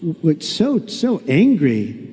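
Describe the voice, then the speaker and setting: A political candidate gives a campaign rally speech in a large indoor venue with a crowd, repeating himself, boasting, and mocking his rivals. His voice is high for a man but dark in tone, with huge pitch swings and drawn-out words. It rings out with long reverb across the hall over faint ambient noise.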